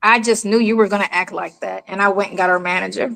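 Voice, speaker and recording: A woman's voice: medium pitch, quick pace, gravelly, rough recording. A middle-aged woman from the United States chatting casually. She tells her stories with energy and acts out each person she quotes. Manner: animated storyteller, acts out quoted people. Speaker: mother telling stories. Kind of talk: casual chat.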